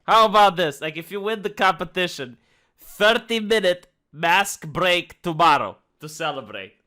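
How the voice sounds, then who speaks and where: A man's voice: high-pitched, lively intonation, normal speed, bright, forceful tone. A man with a Romanian accent hosting sarcastic comedic commentary in a mocking tone. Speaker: commentary host.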